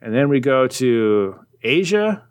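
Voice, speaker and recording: A man's voice: mid-range voice, clean tone. A man in casual chat, animatedly retelling a comic book plot and briefly voicing its characters. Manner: rambling, animated retelling with quick voices for characters. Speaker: podcast co-host recapping a comic.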